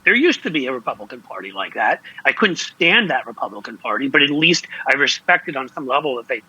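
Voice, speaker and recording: A man's voice: mid-range voice, very animated, a little fast, sharp tone, husky, dull audio. A male political commentator from Ohio in heated talk, blunt and impassioned, often restarting his sentences.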